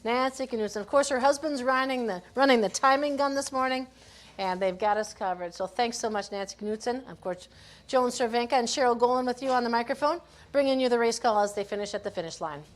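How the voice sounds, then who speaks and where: A woman's voice: a little high, brisk. A woman from Minnesota announcing skiers at a race finish line, calling each name and hometown with brief praise. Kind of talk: live race-call announcing.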